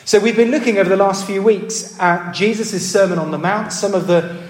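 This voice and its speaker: A man's voice: sits high, normal speed. A man preaching a sermon, earnest and questioning, often checking in with the congregation. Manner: earnest, asks the congregation questions, repeats words when restarting. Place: church hall. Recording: roomy hall reverb.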